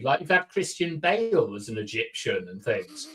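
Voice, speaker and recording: A man's voice: on the high side, very animated, brisk, fairly bright tone, poor audio. A man chatting casually as a podcast guest, opinionated and full of fillers, from the countryside. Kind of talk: casual chat.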